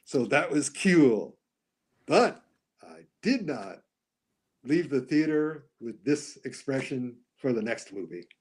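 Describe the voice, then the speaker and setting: A man talking casually as a podcast guest about films, animated, often acting out lines he quotes. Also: medium pitch, slow, slightly rough. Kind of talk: casual podcast movie discussion.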